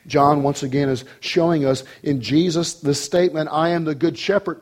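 A man preaching a sermon with emphasis, swinging between loud raised passages and low, quiet ones. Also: moderate pace.

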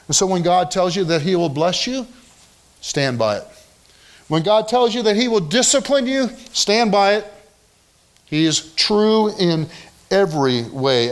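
A man preaching a sermon, emphatic and repetitive, swinging from raised declarations to hushed, soft lines. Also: fairly high pitch. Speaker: pastor.

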